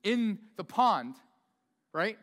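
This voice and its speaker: A man's voice: high-pitched, sing-song, drawn-out words, fairly bright tone, heavily acted. A man voicing a wise old male baboon mentor, coaxing and knowing in tone. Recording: long hall reverb in a church.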